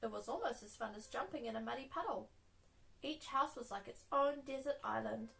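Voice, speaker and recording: A woman reads a children's picture book aloud in a soft, expressive way. Her voice sits a little high, with a gentle storytime lilt. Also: normal speed, vocal fry, soft background music, low-quality recording.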